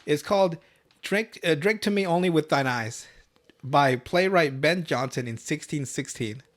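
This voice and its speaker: A man's voice: a little high, animated, measured pace, a bit bright. A young man hosting a podcast, casually retelling a cartoon episode with lots of swearing and laughter, jumping into raised voices for the characters' lines. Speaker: podcast host. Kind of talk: casual podcast recap, profane.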